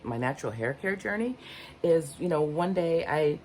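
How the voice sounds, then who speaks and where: Older woman, low voice, unscripted self-reflective vlog talk, meandering and frank. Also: lively intonation, moderate pace, darkish tone, slight background noise. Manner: candid, rambling, searching for words. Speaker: vlogger. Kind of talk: unscripted personal talk to camera.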